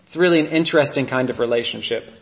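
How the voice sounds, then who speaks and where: A priest giving a relaxed, conversational sermon, telling stories and often checking in with his listeners by asking "right?". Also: medium pitch, quick pace, roomy sound. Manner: storytelling, often asks "right?".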